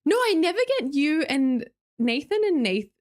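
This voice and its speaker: A woman's voice: sits high, big pitch swings, normal speed. An Australian woman streamer in casual live-stream chat, reading viewer messages aloud, chatty and laughing often.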